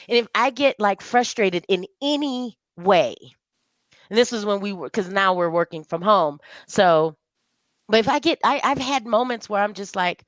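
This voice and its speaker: A woman appears as a podcast guest in casual conversation, telling stories in an animated way and mimicking the voices of the people she describes. Her voice is mid-range and her speed normal. The recording is dry, with the highs cut off.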